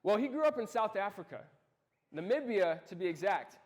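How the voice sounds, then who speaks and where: A young man giving a casual youth sermon, telling lively stories and asking his listeners direct questions. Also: high voice, brisk. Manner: lively storytelling, talks straight to the listeners. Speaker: youth ministry speaker.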